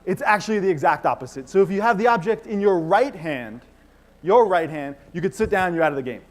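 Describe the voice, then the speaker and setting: Energetic high-voiced male stage mentalist. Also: fairly quick. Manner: energetic, commanding, playful crowd work. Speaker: mentalist performer. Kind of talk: live stage show with audience participation. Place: large conference hall with audience.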